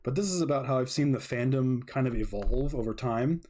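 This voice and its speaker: A man's voice: medium pitch, brisk, darkish tone. A man streaming a solo podcast, talking in a casual, opinionated and profane ramble that often trails off and restarts.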